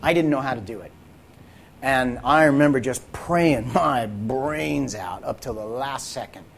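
A man, an actor, telling a dramatic faith testimony about a film role, often dropping into hushed whispers. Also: medium pitch, unhurried, gravelly. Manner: intense, drops to hushed whispers at moments. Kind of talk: dramatic personal storytelling.

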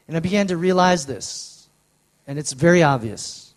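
A man preaching a sermon in a church, earnest and slowing down to lean on key words. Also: fairly high pitch, expressive. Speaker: pastor. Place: church sanctuary.

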